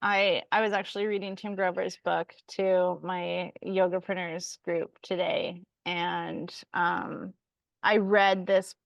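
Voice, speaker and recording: A woman co-hosting a spiritual podcast in casual chat, animated, laughing and swearing freely. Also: lowish voice, slow pace, gravelly, no room sound, muffled recording. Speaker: podcast co-host.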